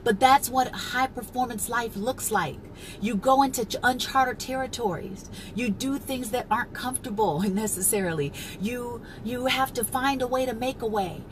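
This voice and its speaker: A woman who works as a life coach hosts a casual live stream with a slightly high voice and some background noise. She chats, laughs often, and greets viewers by name, but when teaching she turns slow and emphatic to drive a point home.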